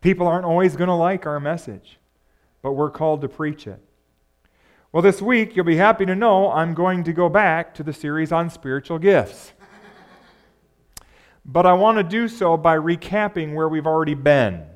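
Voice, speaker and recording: A pastor preaching a sermon in a conversational way, often asking the congregation rhetorical questions. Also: male voice, a little high, moderate pace.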